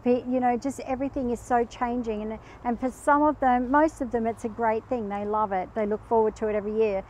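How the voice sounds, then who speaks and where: A woman chatting as a pet behaviour guest, telling animated anecdotes and acting out the quotes in them. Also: fairly high pitch, brisk, few pauses, a little hiss or hum, rough recording. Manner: animated storyteller who acts out quotes. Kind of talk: casual chat with anecdotes.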